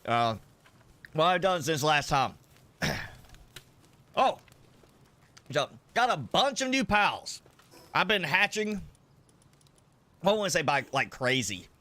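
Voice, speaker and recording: A male gaming streamer with a fairly high, sharp voice speaks slowly, with big pitch swings and long pauses. He chats loosely on his live stream, rambling while eating spicy food and coughing occasionally.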